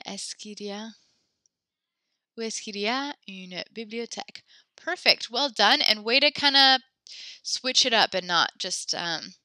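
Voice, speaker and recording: A young woman teaching French in an online class speaks in a bright, clear voice. She sounds friendly and encouraging, chatting through instructions with plenty of fillers. Her computer mic gives a close, dry sound. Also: medium pitch, no echo. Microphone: computer mic in a video class.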